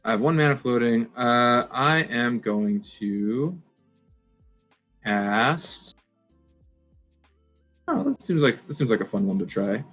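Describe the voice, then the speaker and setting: A man's voice: medium pitch, lively intonation, slow, long pauses, a bit bright, faint music behind. A man at home playing a card game over a webcam call, easygoing and thinking aloud as he counts out his moves. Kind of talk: casual game-play chat. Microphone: webcam video call.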